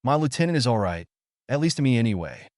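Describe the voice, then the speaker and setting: A man voicing a brash, loud young male ninja who whines and shouts, in a dry recording. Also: medium pitch, sing-song, fast talker, no echo, close to an everyday voice. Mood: grumbling. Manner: whiny, loud.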